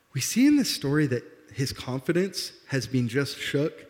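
Pastor with a slight lisp in a hall. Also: male voice, medium pitch, normal speed, hardly any pauses. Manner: animated, laughs at himself, acts out dialogue. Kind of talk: sermon. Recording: long hall reverb.

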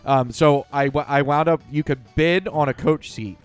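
Smooth-voiced wry male podcast host. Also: a little high, normal speed, faint music behind. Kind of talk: casual chat.

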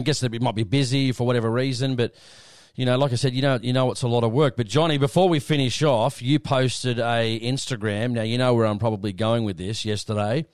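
A man's voice: medium pitch, dry recording, studio quality. An Australian man hosting a podcast interview, friendly and matey in a casual chat. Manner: friendly, matey, says "mate" often. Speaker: podcast host.

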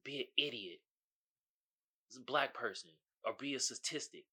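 A man's voice: mid-range voice, normal speed, bright, forceful tone, breathy edge. A man hosting his own podcast, talking casually in slangy commentary and often asking "you feel me.". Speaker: podcast host.

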